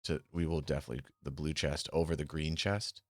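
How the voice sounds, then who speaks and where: A man's voice: extremely low pitch, level tone, fairly quick, no room sound, clean studio sound. A man chatting casually on a live stream while playing a game and checking options trades, muttering and swearing when annoyed. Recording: faint music behind. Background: faint music.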